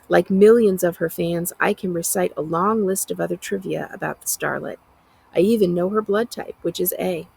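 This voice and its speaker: A school librarian reading a novel aloud in a low voice with a husky grain. Her tone is creaky at the edges, and she tells the story in a steady, plain way. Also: poor audio.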